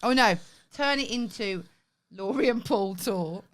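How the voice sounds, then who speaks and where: A woman's voice: medium pitch, unhurried. A young woman co-hosting a casual podcast with her partner, teasing him in a giggly, playful way. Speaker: podcast co-host. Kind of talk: casual couple's podcast chat.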